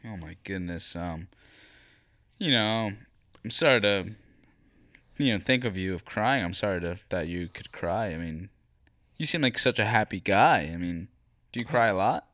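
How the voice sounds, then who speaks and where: A man's voice: lowish voice, lively intonation, moderate pace, a bit bright, no echo, clean studio sound. A man interviewing a guest in a comedy bit, hesitant and fumbling, with fussy exclamations.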